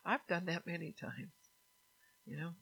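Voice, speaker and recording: A woman's voice: fairly low pitch, steady tone, measured pace, creaky, a bit bright, slightly rough, low-quality recording. A woman preaching a sermon to her congregation, earnest and repetitive, with frequent laughs.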